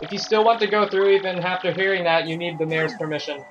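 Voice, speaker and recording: A man voicing a male gate guard who briskly refuses passage. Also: high-pitched, steady tone, highs cut off, background noise, close to an everyday voice.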